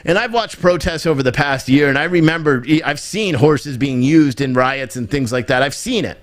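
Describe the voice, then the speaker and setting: A man's voice: fairly high pitch, normal speed. A man from the United States giving off-the-cuff political commentary on a live stream. He repeats his points, asks rhetorical questions and often restarts his sentences. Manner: emphatic and repetitive, hammering points with rhetorical questions; rambling, with frequent restarts. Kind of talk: off-the-cuff commentary reacting to viewer chat.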